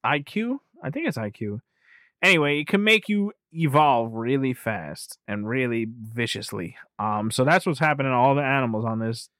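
A man of ordinary pitch chats loosely through an anime film recap, rambling and profane. He laughs easily and skips ahead with "blah, blah." His voice sits close and dry on the mic. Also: expressive, normal speed, fairly bright tone, no room sound. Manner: rambling and profane, laughs often, skims with "whatever". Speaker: podcast co-host.

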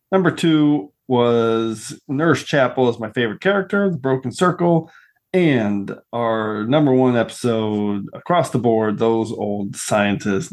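A man hosting a podcast panel, enthusiastically running through picks and stats in casual chat. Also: mid-range voice. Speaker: podcast host.

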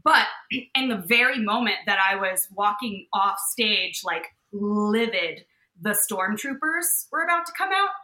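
A woman co-hosting a podcast, telling a story in a casual, animated way and acting out the people in it. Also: medium pitch, unhurried, reverberant, poor audio. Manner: animated, acts out voices in her stories. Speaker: podcast co-host.

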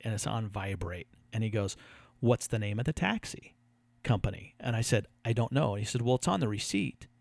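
A man co-hosting a podcast, telling a story in a casual, animated way and acting out what others said. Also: lowish voice, creaky, no echo. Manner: animated, laughing storyteller who acts out quotes. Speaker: podcast co-host.

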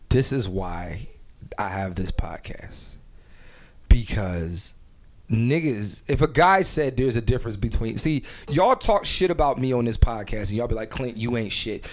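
Brash rambling man hosting a podcast. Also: medium pitch. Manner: brash, profane, rambling with many restarts. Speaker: podcast host. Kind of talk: casual podcast chat.

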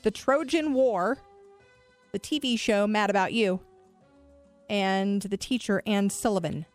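A woman co-hosting a morning radio show, bubbly and quick to laugh, talking into a studio microphone. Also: medium pitch, soft background music. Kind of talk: upbeat morning radio chat.

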